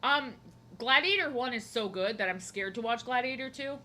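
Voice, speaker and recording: A woman's voice: fairly high pitch, normal speed, pushed and bright, a little hiss or hum. A young woman chatting casually while she draws at home, rambling from joke to joke and often cutting herself off mid-sentence. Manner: rambling, jokey, self-interrupting. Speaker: art streamer. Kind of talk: casual chat while drawing. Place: home, seated at desk.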